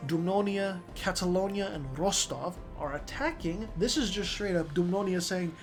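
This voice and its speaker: Excitable, swearing strategy game commentator. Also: mid-range voice, normal speed, hardly any pauses, faint music behind. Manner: excitable, swears, restarts sentences.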